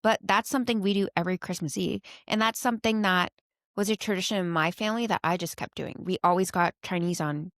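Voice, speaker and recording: A woman in her thirties, a mother co-hosting a casual podcast chat, telling family stories in a lively way and laughing often. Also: on the low side, quick pace, no echo. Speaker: podcast co-host.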